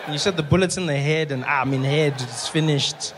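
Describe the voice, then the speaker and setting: A man telling a stand-up story, acting out other voices and rising to shouts. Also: a little high, a little fast, noisy background. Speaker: stand-up comedian.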